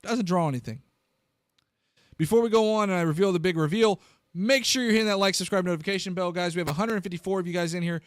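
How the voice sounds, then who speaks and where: A man hosting a live political commentary stream, animated and incredulous, talking straight to his viewers. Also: high voice, fast, dry recording, clean studio sound.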